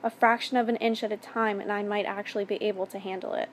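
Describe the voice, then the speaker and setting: A woman reading a first-person story aloud in a steady, even narration. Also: medium pitch, fast talker, a little hiss or hum.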